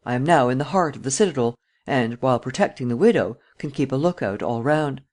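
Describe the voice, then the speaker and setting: A man voicing a calm, self-assured gentleman thief who talks in a measured, drily ironic way, in an audiobook reading. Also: medium pitch, natural voice.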